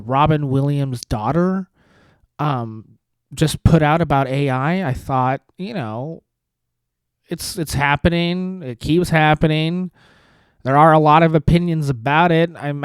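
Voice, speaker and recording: A man rants through a solo comedy podcast monologue from a studio apartment, swearing freely and restarting his sentences. His sardonic delivery swings widely up and down in pitch. The sound is close and dry. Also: clean tone, no echo. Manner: rambling, profane, sardonic, with many restarts. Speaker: podcast host.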